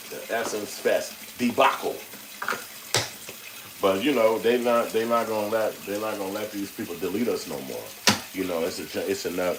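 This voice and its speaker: Deep-voiced laid-back man, profane chat. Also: background noise. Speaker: channel host reading live chat. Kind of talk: casual live-stream talk.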